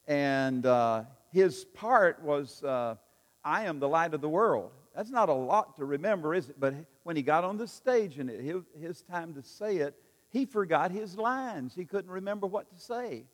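Male pastor, folksy storyteller with a slightly high voice, many fillers, preaching in a reverberant church. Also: expressive, a little slow. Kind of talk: sermon. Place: church sanctuary.

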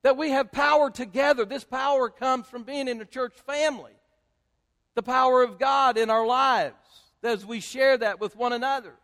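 An older man preaching a sermon as pastor, repeating phrases and swinging between loud emphasis and hushed, drawn-out words. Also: extremely high pitch. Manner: repetitive, rhetorical build-ups. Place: church sanctuary. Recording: long hall reverb.

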